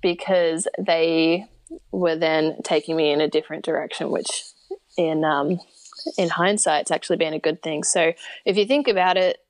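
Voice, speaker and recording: A woman's voice: sits low, steady tone, normal speed, no room sound. An upbeat, enthusiastic woman with an Australian accent, chatting casually as a podcast guest. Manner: upbeat, enthusiastic, laughs easily. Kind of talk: casual interview chat.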